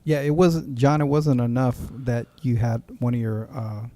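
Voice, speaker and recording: A man's voice: medium pitch, normal speed, warm tone, dry recording. A man co-hosting a casual podcast, speaking hesitantly with restarts.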